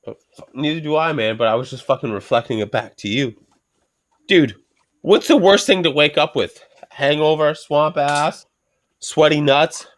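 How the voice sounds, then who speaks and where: A man's voice: fairly high pitch, moderate pace. A middle-aged man hosting a casual podcast, rambling animatedly and swearing constantly. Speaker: podcast host. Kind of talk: casual profane podcast banter.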